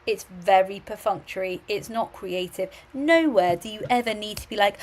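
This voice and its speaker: A middle-aged woman, a university admissions adviser giving chatty, animated advice on a live stream, often restarting her sentences. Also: medium pitch, moderate pace, few pauses, a little hiss or hum, rough recording.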